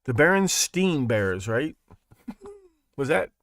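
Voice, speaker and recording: A man's voice: a little high, big pitch swings, takes it slowly, a bit bright, no echo, studio quality. A man hosting his own show, talking in a rambling, sarcastic way and laughing at his own jokes. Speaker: podcast host. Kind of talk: casual monologue.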